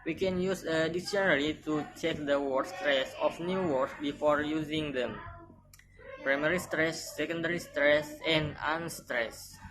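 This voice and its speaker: A woman with a low voice reads a phonetics lesson at an unhurried, careful pace. She repeats example words one by one and sounds them out deliberately. A faint hiss of noise sits under her voice. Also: low-quality recording. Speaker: student presenter. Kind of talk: reading a phonetics lesson aloud.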